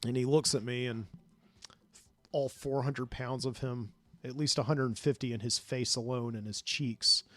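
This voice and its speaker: A man's voice: medium pitch, fairly even intonation, unhurried, a bit bright, no room sound. A man hosting a podcast, telling a dream story in a rambling way with many fillers, recorded in a studio. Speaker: podcast host.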